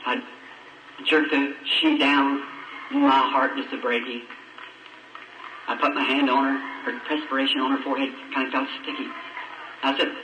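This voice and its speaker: A man's voice: medium pitch, animated, moderate pace, long pauses, muffled recording, noisy background. A man preaching in a folksy, emotional storytelling way with plain country grammar, recorded from a distance on an old roomy sermon tape.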